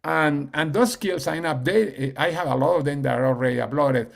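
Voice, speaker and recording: A man giving a casual team training talk on a video call, halting, with many fillers and restarts. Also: on the high side, vocal fry. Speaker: team leader and coach.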